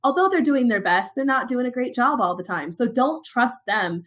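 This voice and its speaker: A young woman co-hosting a podcast, talking in an animated, emphatic way as she rants about security advice. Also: on the high side, normal speed. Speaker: podcast co-host. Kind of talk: casual podcast chat.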